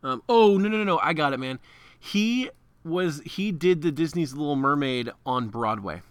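A man's voice: a little high, lively intonation, moderate pace, clean tone, no echo. A young man co-hosting a podcast in a rambling, jokey casual chat, laughing often. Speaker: podcast co-host.

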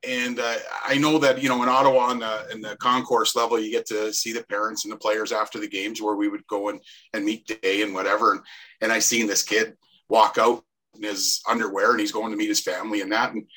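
Man, 50s, podcast guest; bright tone, rambling storyteller. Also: fairly low pitch, level tone, a little fast. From Canada. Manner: rambling, full of restarts and fillers. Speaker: podcast guest, former player. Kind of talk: casual storytelling.

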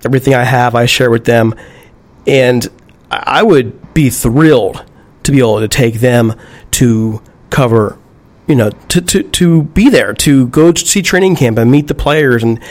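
A man co-hosting a sports podcast, talking in a thoughtful, slightly halting way. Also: mid-range voice. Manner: thoughtful, a bit halting, restarts. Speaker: podcast co-host. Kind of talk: casual sports chat.

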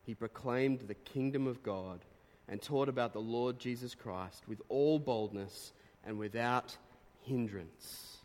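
A man preaching a sermon, reading quotes aloud and breaking into animated exclamations. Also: medium pitch, slow. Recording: long reverb of a hall.

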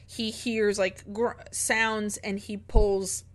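A woman's voice: medium pitch, slow pace. Swearing woman recapping a film. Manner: lively storytelling, acts out characters, swears freely. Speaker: podcast co-host. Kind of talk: casual film recap chat.

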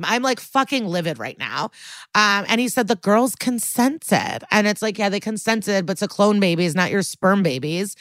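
A woman co-hosting a podcast, recapping an episode in casual chat, animated and blunt, swearing freely with lots of likes and ums. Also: mid-range voice, normal speed, no room sound. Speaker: podcast co-host.

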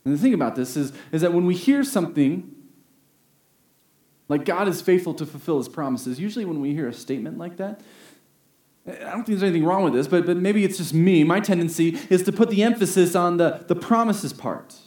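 A man's voice: high-pitched, animated, a little mellow. Earnest male pastor preaching in an echoey room. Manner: earnest, building to emphatic peaks with slowed key phrases. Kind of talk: sermon. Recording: roomy echo.

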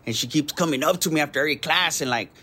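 A man's voice: fairly high pitch, very fast, bright, forceful tone, slightly rough. A man playing an upbeat cholo fitness instructor who talks in a laid-back, slang-heavy way and keeps drawing out "homie.". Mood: easygoing.

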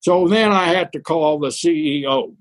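A man spins a long, rambling story from his years running wrestling tours, salting it with curses and chuckles. His voice sits a little high for a man. The recording is dry and close, with no room echo. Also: moderate pace. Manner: rambling, profane, laughs while telling. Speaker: former wrestling tour manager. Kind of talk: anecdotal storytelling.

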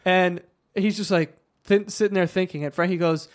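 A man's voice: sits high, quick pace, few pauses. A man hosting a podcast, telling funny stories with lots of laughter and swearing. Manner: excited, laughing, profane storytelling. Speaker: podcast host. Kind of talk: casual chat, storytelling.

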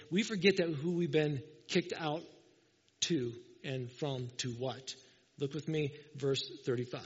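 A man preaching a sermon as pastor, conversational and storytelling, acting out quoted people. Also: a little high. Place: church. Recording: dull sound, long hall reverb.

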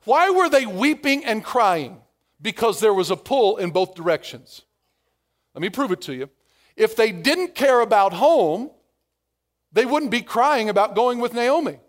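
High-voiced male pastor preaching animatedly. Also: big pitch swings, unhurried. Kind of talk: sermon.

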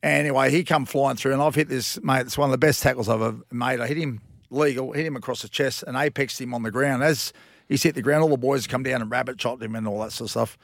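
A man's voice: mid-range voice, steady tone, fast, creaky, dry recording, clean studio sound. A former rugby league player in his fifties with an Australian accent, telling rambling, slangy anecdotes in a casual interview.

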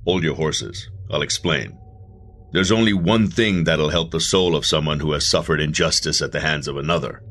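A man playing a calm, persuasive male agent of the underworld in a black suit, quietly gloating in a horror audio drama. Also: very deep voice, moderate pace, full character voice.

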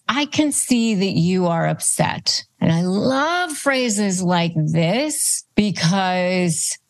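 A woman hosting an advice show, calmly teaching phrases and acting them out as examples. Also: fairly low pitch. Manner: calm, instructive, demonstrates phrases aloud. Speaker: host. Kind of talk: advice talk to camera.

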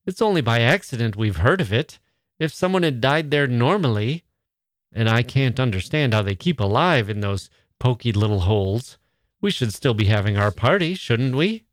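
A man's voice: medium pitch, animated, measured pace, no echo, studio quality. A man reading aloud, voicing a poised upper-class mother who talks in an airy, condescending way.

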